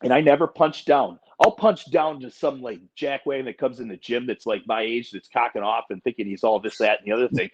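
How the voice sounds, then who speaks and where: A man's voice: mid-range voice, fairly even intonation, a little fast, hardly any pauses. A man in his forties co-hosting a casual podcast chat, talking bluntly and emphatically with plenty of profanity. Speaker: podcast co-host. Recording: dull lo-fi recording.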